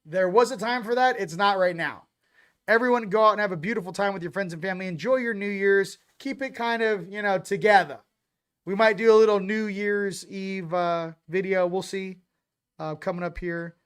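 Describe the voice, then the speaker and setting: A man hosting a casual livestream, giving hyped shout-outs and rambling loosely to viewers. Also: high voice, brisk, smooth. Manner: loose, rambling, repeats "ladies and gents". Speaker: host.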